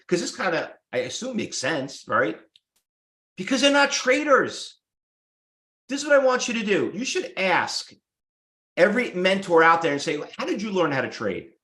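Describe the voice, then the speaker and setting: Brash, echoey New trading teacher. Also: male voice, a little high, fairly bright tone. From United States. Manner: brash, blunt and salesy, with rhetorical questions. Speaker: trading instructor. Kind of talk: live workshop teaching. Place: room with live students.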